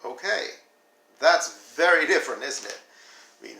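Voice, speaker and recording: A male teacher giving a video lesson, animated and demonstrating flat versus expressive reading aloud. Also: fairly high pitch, normal speed, gravelly, echoey room, recorded from a distance, low-quality recording.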